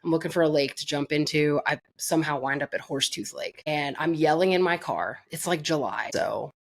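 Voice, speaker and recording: A woman's voice: low-pitched, a little fast. A woman from Florida, a podcast guest telling her own story in a candid, blunt and profane way, mocking herself.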